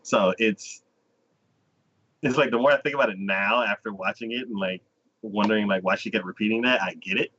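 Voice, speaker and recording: A man's voice: fairly low pitch, fairly quick, sharp tone, dull audio, slight background noise. A man hosting a podcast who casually retells anime episodes in a rambling way, laughing often, into a desk mic. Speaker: podcast host. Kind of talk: casual anime review chat.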